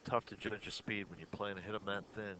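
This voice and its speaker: A man giving measured, analytical play-by-play commentary on a pool match. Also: fairly low pitch, fairly even intonation, pushed and bright, slight background noise. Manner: measured, analytical, chuckles often.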